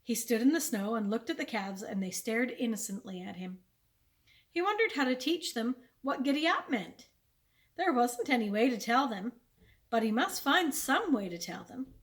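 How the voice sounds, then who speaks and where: A woman, a children's librarian, reading a chapter book aloud with clear, expressive storytelling. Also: on the high side, normal speed.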